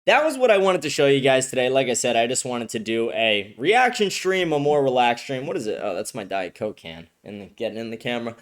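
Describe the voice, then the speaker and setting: A young man hosts a livestream and rants in angry, profane bursts. His throat is a little sore, and his voice sits at an ordinary middle pitch. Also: big pitch swings, a little fast, hardly any pauses. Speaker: host. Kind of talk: livestream political commentary.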